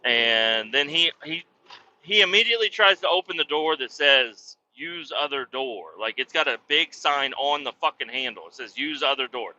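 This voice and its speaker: A man ranting through a comic story with heavy swearing and stumbling restarts. His voice sits fairly high with a sharp, tense edge. The recording sounds dull and lo-fi. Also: animated, normal speed. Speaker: podcast host.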